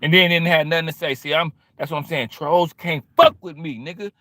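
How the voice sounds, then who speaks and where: Streamer man, heated and slangy, tense bright tone, sits a little high. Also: fairly even intonation, fairly quick, dry recording, studio quality. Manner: confrontational, repetitive and slangy. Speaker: livestream host. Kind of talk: livestream rant to chat.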